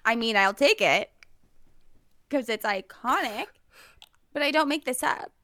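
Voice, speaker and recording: A woman's voice: on the high side, animated, unhurried, pushed and bright, no room sound. A woman co-hosting a podcast in casual chat, upbeat and full of trendy slang. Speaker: podcast co-host.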